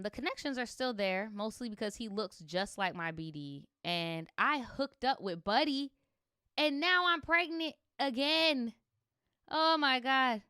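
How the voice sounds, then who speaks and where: Sassy, animated woman streamer. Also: medium pitch, clean tone, no echo, studio quality. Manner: sassy, animated reactions, slangy and profane. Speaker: streamer reading viewer stories. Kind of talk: livestream story reading with commentary.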